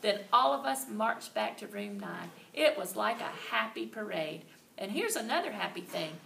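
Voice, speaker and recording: A woman reading a children's book aloud with lively, expressive storytelling. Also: medium pitch, normal speed, gravelly, a little hiss or hum. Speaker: reader. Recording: roomy and distant, faint ambience.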